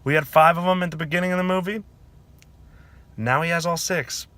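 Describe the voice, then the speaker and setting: A man talking casually in a movie review video, excitable and rambling with lots of slang. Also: on the high side, fairly quick.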